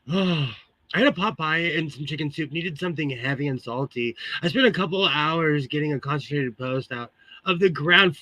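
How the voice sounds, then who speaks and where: A man's voice: fairly high pitch, pushed and bright, dry recording. A Californian man hosting a live sewing stream, chatting casually with viewers and laughing often between remarks. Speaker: livestream host. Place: home sewing room.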